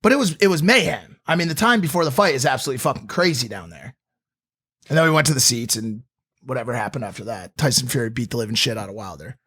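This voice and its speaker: A young man in his twenties co-hosting a podcast, telling a story in an animated, swearing way. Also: mid-range voice, quick pace, slightly rough. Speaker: podcast co-host. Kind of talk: casual storytelling chat.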